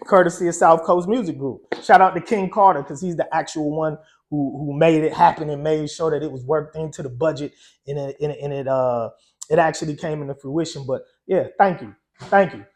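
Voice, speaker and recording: A man with a high-pitched speaking voice recounts a story as a guest on an interview show. His delivery is loose and conversational, with frequent "you know" and "um" as he talks. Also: a little fast. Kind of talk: casual storytelling.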